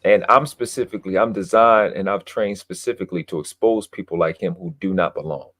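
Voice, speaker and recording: A man's voice: low voice, fairly quick, fairly bright tone. A man talking in a heated, casual podcast conversation, boastful and emphatic, with lots of swearing. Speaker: podcast guest. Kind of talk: heated casual debate talk.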